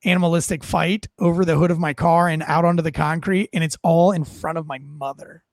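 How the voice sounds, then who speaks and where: Gravelly, blunt ex-cop guest. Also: male voice, fairly high pitch, steady tone, brisk, dry recording, clean studio sound. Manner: blunt and profane, rambling with fillers. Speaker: former police officer, guest. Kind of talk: casual storytelling interview.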